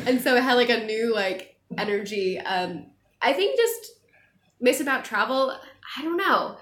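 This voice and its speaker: A young woman, a travel vlogger, chatting casually and animatedly while answering viewer questions on a live stream. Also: a little high. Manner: chatty, animated, quick laughs. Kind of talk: casual chat. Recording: echoey room.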